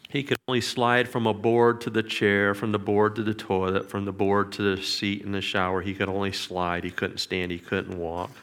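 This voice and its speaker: A middle-aged man with a low, gravelly voice tells a personal testimony. He speaks earnestly and with strong emotion, and at times drops to a near whisper. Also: little pitch movement, normal speed, hardly any pauses. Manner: earnest, emotional storytelling with quiet whispered prayers. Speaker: father giving a testimony.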